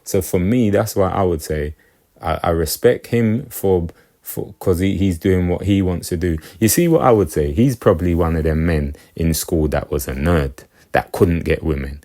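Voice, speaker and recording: Deep-voiced guy rambling on, repeats himself, keeps going "you get me". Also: darkish tone. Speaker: commentator. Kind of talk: casual monologue commentary.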